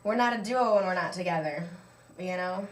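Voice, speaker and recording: A woman's voice: on the low side, moderate pace. A woman appearing as a hockey player guest in a comedy interview, laid-back and giggly. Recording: roomy, distant, faint hiss.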